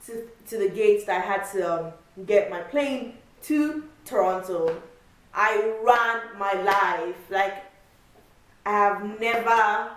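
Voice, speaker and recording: A woman vlogger telling a travel story in a casual, animated way, with lots of repeats and filler words. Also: medium pitch. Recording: echoey room, mic far off.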